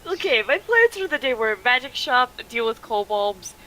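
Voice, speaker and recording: A man playing a tabletop game, making quick exasperated asides. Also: very high voice, big pitch swings, sharp tone, rough recording. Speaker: player. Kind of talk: casual table talk.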